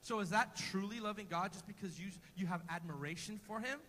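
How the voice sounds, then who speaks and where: A man's voice: high voice, fairly quick, sharp tone, long reverb tail, a little hiss or hum, low-quality recording. A man preaching a sermon as pastor in a church, emphatic and repetitive, calling on the congregation to answer back. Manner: emphatic call-and-response preaching.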